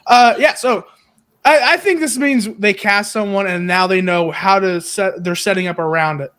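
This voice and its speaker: A man co-hosting a casual podcast chat, excitable and profane, laughing often. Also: high-pitched, moderate pace. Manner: excitable, swears, laughs a lot. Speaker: podcast co-host.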